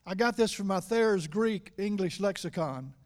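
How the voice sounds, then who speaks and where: A middle-aged male preacher with a high voice delivers a sermon. He swings from loud, emphatic lines to low, confiding asides. He slows down and stretches key words when he wants them to land. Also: lively intonation.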